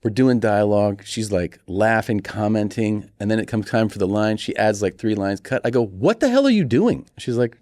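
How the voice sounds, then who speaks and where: A man's voice: lowish voice, normal speed, hardly any pauses, no room sound, studio quality. A man in his forties telling funny family stories as a podcast guest, acting out quoted voices as he goes. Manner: animated storyteller, acts out quoted voices. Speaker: comedian guest. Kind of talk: casual storytelling interview.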